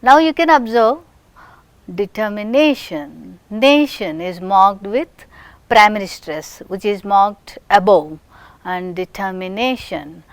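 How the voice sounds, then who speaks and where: A woman teaching a recorded phonetics lesson, slow and deliberate, drawing out each example word. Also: medium pitch, lively intonation, no echo.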